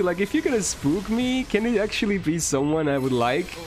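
Game streamer, casual, swears a lot, lively pitch, slow delivery, faint music underneath. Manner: swears freely, breaks into frantic yelling; reads and answers chat. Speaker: livestreamer. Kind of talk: casual live gameplay chat.

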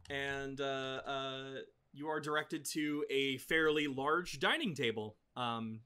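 A man running a tabletop game, describing the scene at a slow, easy pace. His voice is bright and forward, and fillers and asides trail through his lines. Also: medium pitch, smooth. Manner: unhurried, many fillers and asides. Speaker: game master.

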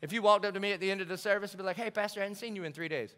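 A man preaching a sermon, telling stories in a lively way and acting out the people in them. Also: sits high, racing, hardly any pauses. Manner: animated storytelling preacher acting out scenes. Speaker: pastor. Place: large church auditorium. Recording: large hall with long reverb.

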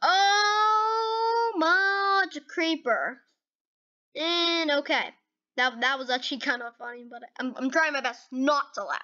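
A woman hosting a gaming video, giving casual reaction commentary in an excitable, chatty way, saying okay and dude over and over. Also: high-pitched, moderate pace, muffled recording.

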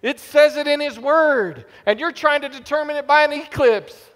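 A man preaching a sermon as pastor in a church, animated, dropping to a hush and then rising loud, with playful asides. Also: very high-pitched, moderate pace, big-room sound. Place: church sanctuary.

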